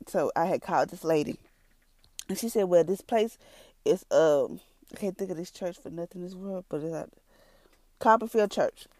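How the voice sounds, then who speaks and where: A woman with a soft drawl tells her testimony in a low, mellow voice, rambling and close to tears. The sound is dry and close, like a podcast mic in a quiet room. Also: moderate pace, pauses often, no room sound. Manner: tearful, rambling storyteller. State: crying at times. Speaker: podcast host giving a testimony. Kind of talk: emotional personal testimony.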